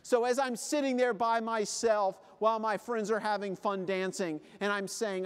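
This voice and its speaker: A man's voice: high-pitched, steady tone, moderate pace, hardly any pauses, clear, resonant tone. A man giving a comic motivational conference talk, acting out little scenes with funny voices. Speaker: keynote speaker. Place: convention hall. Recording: live hall reverb.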